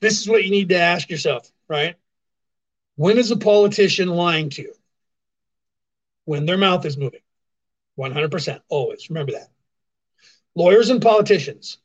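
Male livestream host, high-pitched, sarcastic ranting delivery that hammers points home; dull lo-fi phone audio. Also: normal speed, pauses often. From California, US. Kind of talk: casual ranting commentary.

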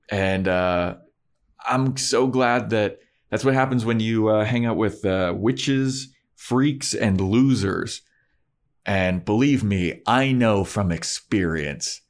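A man in casual chat, recapping a TV episode and acting out the characters as he retells it. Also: slow pace. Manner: animated retelling, voicing characters with pitch jumps. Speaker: podcast co-host recapping a TV episode.

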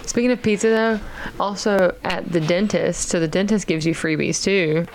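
A woman with a Southern American accent co-hosting a casual podcast chat, playful and quick to laugh. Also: fairly low pitch, fairly even intonation, darkish tone, slight background noise. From Southern United States. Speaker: podcast co-host.

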